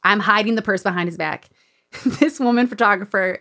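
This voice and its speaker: A woman's voice: mid-range voice, a little fast. A woman host telling a story in casual chat, acting out the people she quotes. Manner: animated, acts out quoted voices. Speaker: podcast host.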